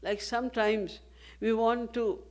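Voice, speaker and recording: A woman spiritual teacher giving a devotional discourse, speaking in a measured way and posing rhetorical questions. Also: on the high side, little pitch movement, a little mellow.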